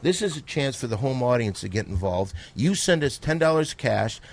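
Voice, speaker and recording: A man hosting a comedy podcast, narrating the sketch and reading segment announcements in a brisk announcer way. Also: medium pitch, very animated, gravelly. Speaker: podcast host.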